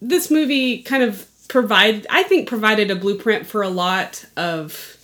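A woman's voice: medium pitch, a little slow, a bit bright. Hesitant woman podcast co-host, rambling. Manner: meandering, hesitant with many fillers. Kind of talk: casual chat.

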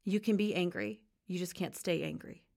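A woman's voice: lowish voice, moderate pace, gravelly, darkish tone. A woman guest on a faith talk show telling her personal testimony in an earnest, conversational way, often laughing and acting out quoted dialogue.

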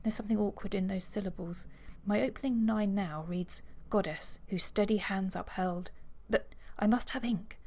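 A woman's voice: mid-range voice, moderate pace, hardly any pauses. A woman co-hosting a book podcast who reads a novel passage aloud with acted dialogue, then chats casually. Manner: expressive reader, acts out dialogue, laughs easily. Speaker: podcast co-host.

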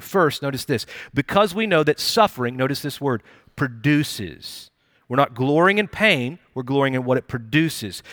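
A young man delivers a conversational sermon with lively, playful asides. His voice sits a little high for a man, and the sound is close and dry with almost no room echo. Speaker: pastor. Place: church auditorium.

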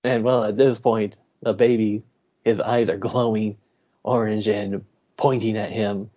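A man co-hosting a podcast, recapping a movie plot in a relaxed, giggly way. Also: fairly low pitch, unhurried, highs cut off. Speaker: podcast co-host.

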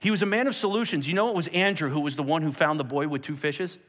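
A man preaching a sermon in an animated way, jumping into sudden high-pitched bursts when he acts out quotes. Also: quick pace. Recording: long hall reverb.

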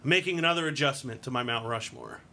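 A man hosting a casual wrestling podcast, chatty and quick to laugh. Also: mid-range voice, creaky, pushed and bright. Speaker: podcast host.

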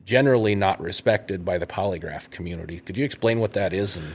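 A man's voice: low-pitched, fast talker, husky. A man hosting an interview podcast in casual chat, rambling and thinking aloud with restarts and chuckles. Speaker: podcast host.

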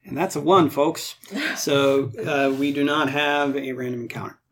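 A man running a tabletop game as game master, explaining rules with frequent fillers and quick laughs. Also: mid-range voice, steady tone, a bit bright.

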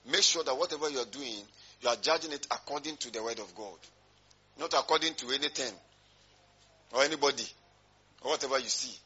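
A man's voice: mid-range voice, brisk, pauses often, sharp tone, husky, highs cut off. A male pastor preaching a sermon, emphatic and rhetorical, drawing call-and-response from his congregation.

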